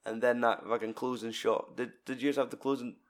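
This briskly paced, mid-pitched Scottish podcast co-host discusses a movie in a relaxed way. Lively and profane, he performs scenes from it in shouted voices.

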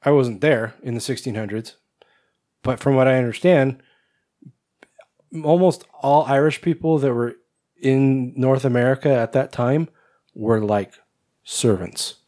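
A man co-hosting a podcast, chatting casually about a film, blunt and quick to swear, often trailing off and restarting. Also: medium pitch, warm tone. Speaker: podcast co-host. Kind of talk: casual movie review chat.

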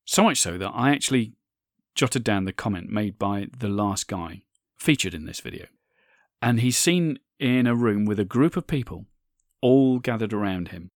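A man's voice: lowish voice, animated, moderate pace, no room sound, clean studio sound. Earnest man hosting a solo podcast. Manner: earnest, reflective, with frequent restarts. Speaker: podcast host.

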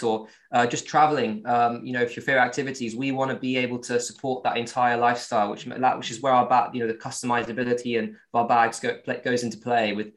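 A man with a Southern English accent, a company founder answering interview questions casually, with many fillers and restarts. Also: medium pitch. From born in Virginia, raised with English accent.

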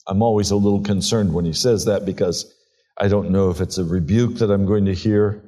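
A pastor preaching a sermon, reading scripture and retelling it in a slow, earnest storytelling way. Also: male voice, sits low, fairly even intonation, mellow.

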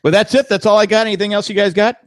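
A man's voice: high voice, steady tone, very fast, no room sound, clean studio sound. A man hosting a podcast in casual, joking chat, thanking listeners and steering the talk. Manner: joking, thanks patrons and wraps up the show. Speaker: podcast host.

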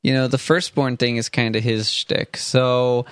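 A man's voice: mid-range voice, little pitch movement, measured pace, fairly bright tone, smooth, no room sound. A man co-hosting a podcast, chatting casually and playfully with frequent laughs. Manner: playful, laughs often, jokey asides. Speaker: podcast co-host.

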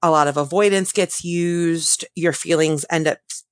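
A woman therapist answering interview questions in a thoughtful way, often pausing and correcting herself. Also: deep voice, fairly even intonation, dry recording. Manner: thoughtful, self-correcting, many fillers.

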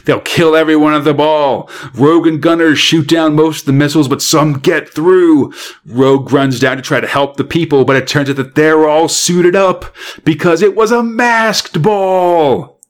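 A man's voice: fairly high pitch, normal speed. A man hosting a casual podcast chat, recapping a comic story with lots of fillers and laughs. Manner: rambling, frequent fillers and laughs.

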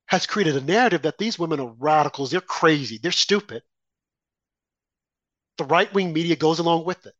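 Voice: medium pitch, fairly quick, fairly bright tone, no echo. A political commentator guest talking heatedly, firing off rhetorical questions and mocking impressions of opponents. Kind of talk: heated opinion talk. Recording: dry, slightly dull lo-fi sound.

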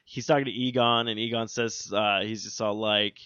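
A man chatting casually about a film as a co-host, animatedly acting out scenes in excited voices. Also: lowish voice, moderate pace, clean tone, no room sound, lo-fi sound. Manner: animated, quotes movie lines in excited voices. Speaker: podcast co-host. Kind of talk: casual movie chat.

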